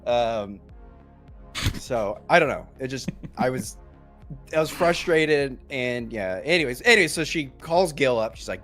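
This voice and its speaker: A young man in casual podcast chat, rambling through a story with lots of "like" and "um" and restarts. His pitch sits in the middle, and faint music plays underneath. His delivery is loose and unscripted. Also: expressive, unhurried, fairly bright tone. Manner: rambling, many fillers and restarts. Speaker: podcast co-host.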